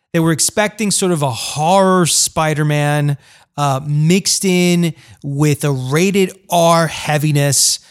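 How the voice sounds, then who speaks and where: A man giving a blunt, opinionated film review in casual chat, often repeating words as he starts a thought. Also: a little high. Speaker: film critic.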